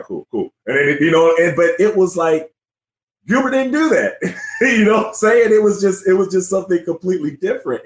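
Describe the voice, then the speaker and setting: A man in his forties hosting a casual sports interview. He tells old stories with a lot of energy and keeps asking "you know what I mean?". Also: medium pitch. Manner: animated storytelling, often says "you know what I mean". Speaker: podcast host, former NBA player. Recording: roomy echo.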